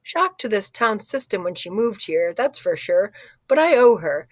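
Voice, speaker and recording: A woman's voice: mid-range voice, sing-song, normal speed, no room sound. Grumpy older male librarian, read by a woman; terse, grudging, dry close read. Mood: gruff. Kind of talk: audiobook character voice.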